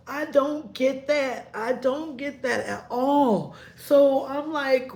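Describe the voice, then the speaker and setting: A woman's voice: high voice, a little slow, few pauses. A woman telling a painful personal story in a rambling way, heated at first and then subdued, sometimes tearful.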